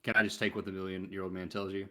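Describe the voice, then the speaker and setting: A man co-hosting a casual gaming podcast, telling a story with lively acted-out quotes. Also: deep voice, very fast. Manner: animated storytelling, acts out game characters in quotes. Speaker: podcast co-host.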